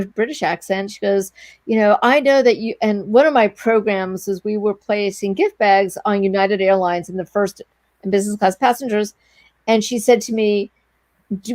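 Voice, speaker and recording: A middle-aged woman relating a story with lively energy, jumping into the voices of the people she quotes. Her pitch sits in a middle register and the sound is dry and close, with no room around it. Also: no echo. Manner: animated, breathless anecdote telling with quoted dialogue. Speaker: guest, entrepreneur. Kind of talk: storytelling in a casual interview.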